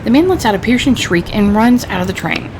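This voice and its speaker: A woman gamer reads a story game's narration aloud in a casual let's-play style. Her voice is on the high side and a little fast, with steady background noise behind her.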